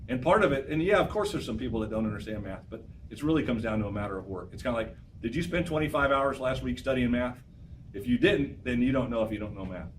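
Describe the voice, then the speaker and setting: A man teaches a college class, urging his students on with lively, repetitive exhortations. He sounds distant from the microphone. Faint room noise hums behind him. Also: mid-range voice, quick pace. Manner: energetic, exhorting, repeats phrases. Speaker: professor. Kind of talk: classroom lecture.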